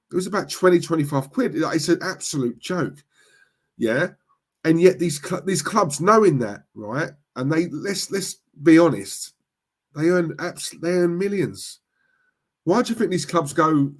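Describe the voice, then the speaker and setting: A man's voice: a little high, husky. A young man ranting casually on a live stream, outspoken and repetitive, tagging his points with "right?" and "yeah?". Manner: outspoken, repetitive, tag questions.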